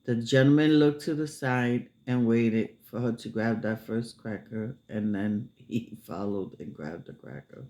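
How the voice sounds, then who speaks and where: A man telling a story casually, unhurried, with many filler pauses. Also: mid-range voice, darkish tone.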